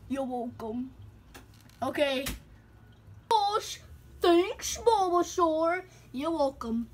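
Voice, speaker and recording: A woman play-acting a plush-toy scene. She talks in an excitable, exclamatory way and often squeals or bursts into giggles. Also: sits high, slow, soft background music. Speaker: toy video creator voicing plush characters.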